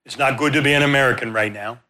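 A man voicing a kind young woman at a border post in a calm, soothing way. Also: medium pitch, fast, lightly acted. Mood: reassuring. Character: kind young female border official, reassuring.

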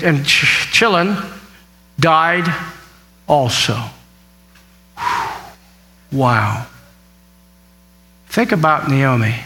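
Male preacher, bright, high-ish voice; reads verses and paraphrases, asks the congregation questions. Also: low-quality recording. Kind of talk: sermon, Bible teaching.

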